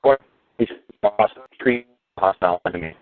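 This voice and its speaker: A deep-voiced, expressive radio talk host speaks at a moderate pace over tinny phone-line audio. In a casual, profane monologue he emphatically recounts a courtroom story, occasionally raising his voice to impersonate others.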